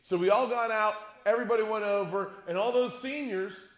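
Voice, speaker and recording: This youth speaker, a middle-aged man, delivers a funny story at a youth conference, voicing what people said and bantering with the crowd in an animated way. His voice sits high and he talks fairly quickly, and the large hall sounds echoey.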